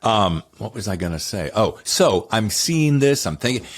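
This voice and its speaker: Chatty low-voiced Southern host. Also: male voice, big pitch swings, moderate pace. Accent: Southern American. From North Carolina. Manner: chatty, rambling, effusive. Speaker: podcast host. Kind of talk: casual interview chat.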